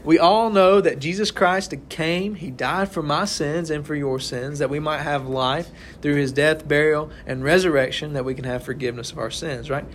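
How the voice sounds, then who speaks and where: This is an informal sermon to a small group, where a young man leading a casual Bible study talks conversationally and keeps asking "right?". His slightly high voice has fairly even intonation, a moderate pace and few pauses. There's slight background noise.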